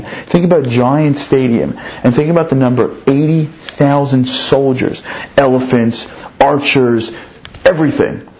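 A man teaching through a story in an animated way, his voice climbing high on emphatic points and repeating words as he builds the tale. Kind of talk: storytelling lesson. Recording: dull lo-fi recording.

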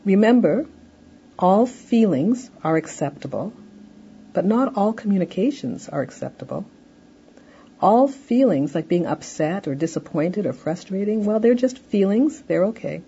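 Husky-voiced woman teaching parents. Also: medium pitch, expressive, unhurried, mellow, highs cut off. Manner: explains patiently, acts out example dialogues. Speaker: parenting educator. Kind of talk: instructional talk.

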